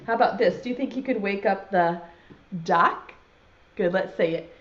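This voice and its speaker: A woman teaching a virtual preschool lesson, talking slowly and in an exaggerated, sing-song way to small children and signing words as she goes. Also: medium pitch, lively intonation. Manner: uses sign language alongside speech. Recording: dull lo-fi sound.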